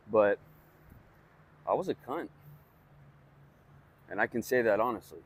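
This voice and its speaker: A young man talking bluntly and casually to camera, swearing often and padding his thoughts with fillers as he shares self-help reflections. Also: fairly low pitch. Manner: blunt, profane, conversational, heavy on fillers. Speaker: vlogger sharing personal growth.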